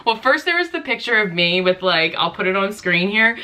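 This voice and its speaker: A young woman vlogger telling a story in a casual, chatty way, full of "like" and quick laughs. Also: lowish voice, expressive, sharp tone. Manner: chatty, frequent "like", laughs easily. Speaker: beauty vlogger.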